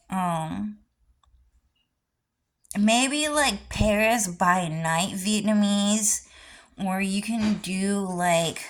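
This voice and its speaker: A woman's voice: medium pitch, drawn-out words, long pauses, poor audio. A young adult woman rambling through a personal vlog monologue, lecturing insistently and repeating herself again and again. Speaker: vlogger.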